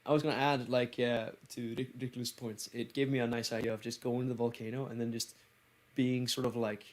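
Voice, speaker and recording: A man's voice: mid-range voice, level tone, brisk. Chatty storytelling podcast co-host, a man. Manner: storytelling, laughing, loose and chatty. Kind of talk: casual chat on a live-streamed podcast.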